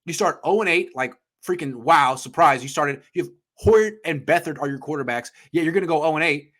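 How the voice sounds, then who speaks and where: A man's voice: fairly high pitch, fairly quick, fairly bright tone. A man hosting a sports podcast, ranting with profane, emphatic bursts in heated sports talk.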